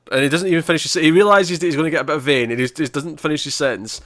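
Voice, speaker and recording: A man co-hosting a review podcast, recapping an episode in a lively, stumbling way with lots of restarts. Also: fairly high pitch, quick pace, hardly any pauses, no room sound, studio quality. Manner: animated, stumbling retelling with many restarts. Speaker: podcast co-host. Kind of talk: casual review chat.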